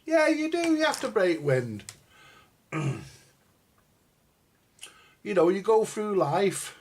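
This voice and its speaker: This time his voice sits high, with huge pitch swings and a slow pace. The older record-collecting vlogger rambles crudely and jokingly on a live stream about records and radios, calling viewers "guys."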